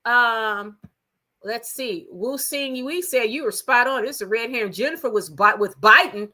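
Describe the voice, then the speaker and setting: Bright-sounding lady host, chatty gossip stream from her room at home. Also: fairly high pitch, measured pace. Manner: chatty and gossipy, talks straight to viewers. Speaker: livestream host. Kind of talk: casual gossip chat.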